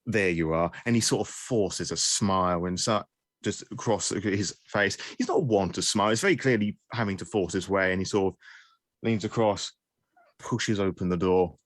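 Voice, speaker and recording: A man's voice: sits low, normal speed, dry recording. A man narrating as game master, wry and self-mocking, with frequent restarts.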